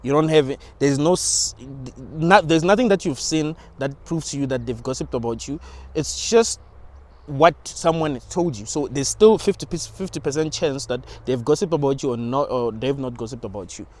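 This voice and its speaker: A man's voice: medium pitch, moderate pace, a little mellow. A young man talking in a rambling, informal monologue about spirituality, with slang and frequent restarts. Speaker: channel host.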